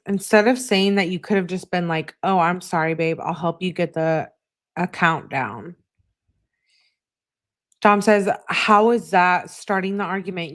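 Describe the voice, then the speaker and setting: A woman with a lowish voice reads text messages aloud at an unhurried pace, adding brief asides between them. Her delivery is flat and casual, like a host going through screenshots for viewers.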